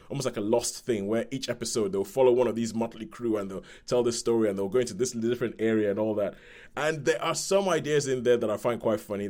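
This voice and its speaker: A man reviewing a film on a podcast in casual chat, retelling the story in a rambling, animated way. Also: medium pitch.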